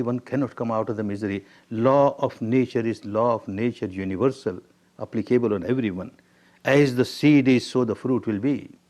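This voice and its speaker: A man's voice: medium pitch, darkish tone. A man with an Indian English accent giving a meditation discourse, emphatic and repetitive, telling parables. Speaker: meditation teacher. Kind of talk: spoken dharma discourse.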